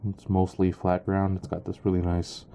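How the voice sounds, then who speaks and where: A man giving a casual product review, halting and full of ums and uhs. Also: sits low, monotone, creaky, warm tone, a little hiss or hum. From Canada. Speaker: knife reviewer.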